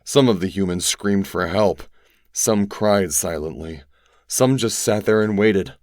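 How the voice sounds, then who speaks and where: A man reads first-person narration in a very deep, grave voice, measured and steady. The recording is close and completely dry. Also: no echo. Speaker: audiobook narrator.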